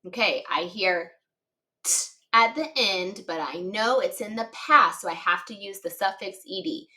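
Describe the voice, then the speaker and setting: A woman with a bright, forceful, medium-pitched voice leads children through a phonics reading lesson. She spells words out slowly, one letter at a time, staying patient and encouraging and offering cheerful praise.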